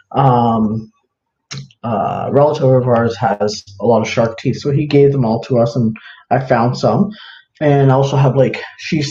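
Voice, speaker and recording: With a mid-range, darkish voice, a man chats informally on his livestream, rambling and using lots of fillers while he shows viewers his crafts. He sells them live. The sound is roomy and dull, lo-fi, with faint hiss.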